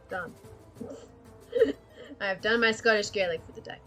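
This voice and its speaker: A woman's voice: medium pitch, expressive, measured pace, pauses often, sharp tone, faint music behind. Chatty, rambling woman streamer. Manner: rambling and digressive, swears casually, laughs often. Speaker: live-stream host. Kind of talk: casual live-stream chat while drawing.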